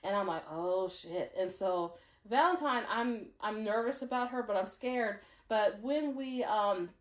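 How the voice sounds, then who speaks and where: A woman with a fairly high voice recaps a TV drama in casual chat, animated and quick to act out what the characters say. She sounds like she is in an echoey room. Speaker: podcast co-host.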